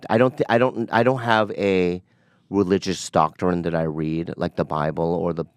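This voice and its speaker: Comedian guest in his forties, low smooth voice, animated storyteller, dry studio sound. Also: normal speed, no room sound. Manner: animated storyteller, acts out quotes. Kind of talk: casual storytelling chat.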